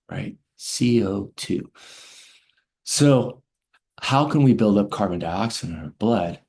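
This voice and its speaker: Deep, gravelly man guiding slow breathing. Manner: gentle, often checks in with "right?"; slows and softens to a hush while guiding breaths. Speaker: author and health teacher. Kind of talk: spoken lecture with guided breathing.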